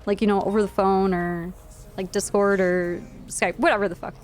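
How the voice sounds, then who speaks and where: A woman's voice: mid-range voice, little pitch movement, normal speed, slight background noise. A woman streamer in her twenties tells a blunt, profane, rambling story, full of fillers, in casual chat. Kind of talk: casual storytelling while live streaming a game.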